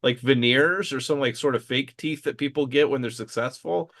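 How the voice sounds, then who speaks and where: A man's voice: mid-range voice, normal speed, a bit bright. A man in his late thirties co-hosting a podcast in casual chat, hesitant and wry, with lots of fillers. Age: late 30s. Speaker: podcast co-host.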